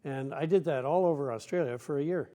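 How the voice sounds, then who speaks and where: A man's voice: fairly high pitch, a little fast, dark tone. A man telling anecdotes as an interview guest, wry and dry in his humour. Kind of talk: anecdotal storytelling.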